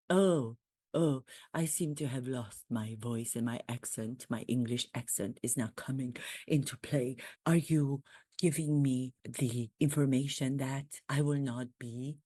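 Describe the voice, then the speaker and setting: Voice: medium pitch, mellow, dry recording, studio quality. A performer doing a comic impression of a royal prince, speaking in a stiff, formal, self-deprecating way without a put-on accent.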